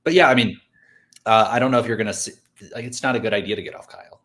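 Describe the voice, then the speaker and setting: A man's voice: medium pitch, a bit bright. Rambling man co-host in casual chat. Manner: rambling, halting, many fillers. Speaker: podcast co-host.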